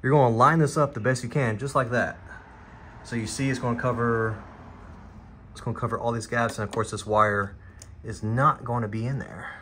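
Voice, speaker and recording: A man's voice: mid-range voice, steady tone, normal speed, fairly bright tone, a little hiss or hum. A man talking viewers through a motorcycle parts install in a loose, rambling, self-deprecating way, as a casual how-to vlogger in a garage.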